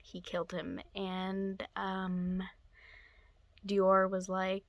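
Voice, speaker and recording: A young woman talks through a book review at an unhurried pace, rambling from thought to thought and slipping into hushed whispered asides. Her voice sounds close and dry, with no room echo. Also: medium pitch, steady tone. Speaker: book vlogger. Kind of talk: casual book-review chat.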